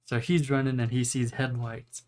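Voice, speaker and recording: A man's voice: mid-range voice, flat delivery, moderate pace, a little mellow. A young man casually retelling an anime plot, rambling and swearing, now and then acting out the characters' lines. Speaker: anime reviewer.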